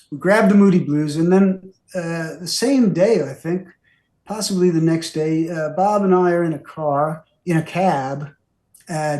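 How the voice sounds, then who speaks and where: A man's voice: fairly high pitch, a little mellow. An older man, a former record executive, telling stories as an interview guest in a rambling, filler-heavy way and acting out the voices he quotes. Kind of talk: anecdotal storytelling. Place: radio studio. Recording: roomy studio echo.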